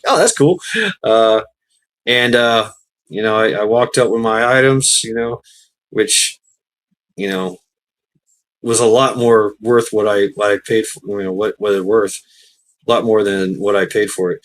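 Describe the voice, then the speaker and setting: A man's voice: lowish voice, steady tone, measured pace, a bit bright, low-quality recording. A man hosting a livestream, telling a casual rambling story, laughing often and swearing freely. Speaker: livestream host.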